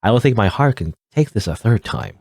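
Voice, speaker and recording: A man's voice: on the low side, animated, a little fast, gravelly, a little mellow, dry recording, soft background music. A man reading the lines of a sarcastic young man held captive, in a dry, mocking tone. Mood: sardonic.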